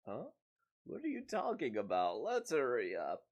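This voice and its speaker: A man voicing a blunt, eager young man in a manga reading, with a drawn-out delivery. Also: mid-range voice, huge pitch swings, lo-fi sound.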